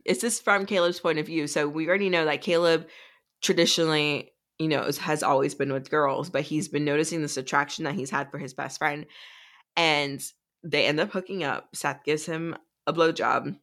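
A woman's voice: low voice, steady tone, normal speed, a bit bright. A woman co-hosting a podcast, casually recapping a book in a chatty way, with lots of fillers. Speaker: podcast co-host.

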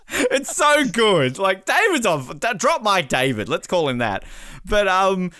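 A man hosting a casual podcast recap, animated, laughing often and mimicking the people he talks about. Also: high-pitched, slow pace, no room sound, clean studio sound. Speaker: podcast host.

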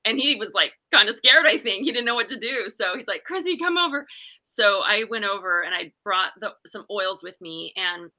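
A middle-aged woman, a podcast guest, chatting and telling a story in a lively, animated way with restarts and laughter. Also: mid-range voice, moderate pace, hardly any pauses. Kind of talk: casual storytelling chat.

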